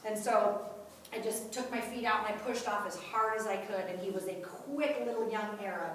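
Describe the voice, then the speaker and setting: A woman's voice: mid-range voice, fairly even intonation, normal speed, a little hiss or hum. Dramatic storytelling woman in echoey hall. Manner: vivid and dramatic, acting out quoted voices. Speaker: guest speaker at a mothers' group. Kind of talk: personal testimony storytelling. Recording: echoey room, voice from far off.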